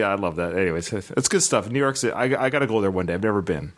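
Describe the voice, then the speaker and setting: A man's voice: lowish voice, animated, fast talker, hardly any pauses. A man in his thirties hosting a podcast interview, chatty and enthusiastic, rambling with restarts. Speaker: podcast host. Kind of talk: casual interview chat.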